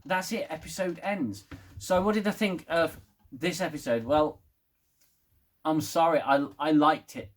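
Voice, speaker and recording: A man's voice: a little high, expressive, measured pace. A man giving a rambling, casual spoken TV review, swearing and getting worked up as he talks. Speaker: TV review vlogger.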